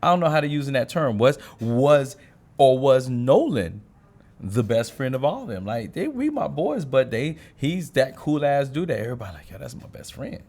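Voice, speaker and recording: Animated man chatting casually. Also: mid-range voice, normal speed. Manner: animated, acts out street talk in quotes. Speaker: co-host. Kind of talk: casual chat.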